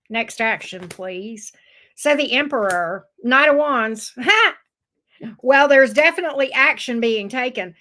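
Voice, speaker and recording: A woman's voice: fairly high pitch, a bit bright, a little hiss or hum. A woman hosting a live-stream tarot reading, chatty and folksy, talking straight to her viewers. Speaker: tarot reader, stream host.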